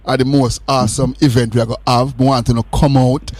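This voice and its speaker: A man's voice: medium pitch, level tone, fairly quick, a little mellow, dry recording. A Jamaican man hosting a radio show, bantering in a jovial, teasing way and laughing often. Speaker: radio host.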